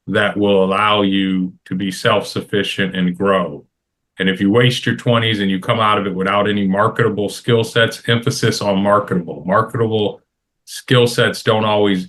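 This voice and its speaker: A man's voice: lowish voice, a bit bright. A middle-aged man on a roundtable panel, talking in an emphatic, advice-giving way and repeating phrases for stress. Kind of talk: casual roundtable discussion.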